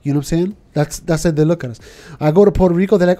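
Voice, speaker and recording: Ranting New York man, soft voice. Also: on the high side, racing. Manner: animated, ranting, keeps asking "you know what I'm saying". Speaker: podcast co-host. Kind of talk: casual chat.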